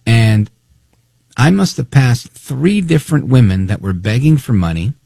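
Talk radio host, man, gravelly, dark husky voice, lively snide delivery. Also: mid-range voice, a little slow, dry recording. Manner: animated, snide, acts out quotes. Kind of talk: opinionated political talk radio.

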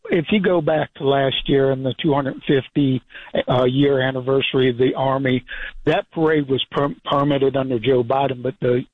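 A man calling into a radio show, speaking in a halting way. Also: mid-range voice, fairly even intonation, no room sound. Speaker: caller. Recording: tinny phone line.

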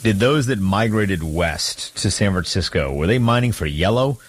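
Man, radio co-host, low pitch, wry and teasing. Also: lively intonation, moderate pace. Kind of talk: sports talk radio.

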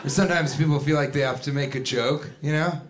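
A man doing a stand-up comedy set on a club stage, telling stories with sudden shouted voices. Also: on the high side, steady tone, a little fast. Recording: live club recording with crowd noise. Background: audience laughter.

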